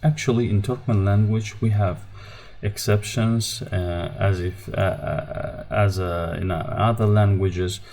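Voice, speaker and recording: A man teaching a language lesson, explaining rules in a slow, halting way with many fillers. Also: fairly low pitch, steady tone, a little mellow, slight background noise.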